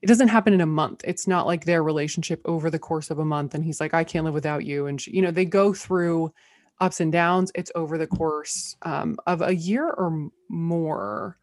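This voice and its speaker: A woman's voice: sits low, normal speed, darkish tone, dry recording, studio quality. A woman co-hosting a podcast, chatting casually about TV shows with lots of "like" fillers. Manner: bubbly, many "like" fillers. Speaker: podcast co-host. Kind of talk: casual review chat.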